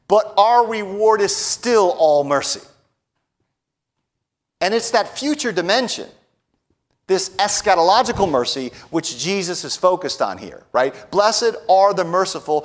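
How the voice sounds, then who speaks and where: A man with a voice on the higher side delivers a sermon. He stresses his points, drops to hushed lines, then rises to bold declarations. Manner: emphatic, often adds a tag question "right?"; moves between hushed lines and raised declarations. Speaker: preacher.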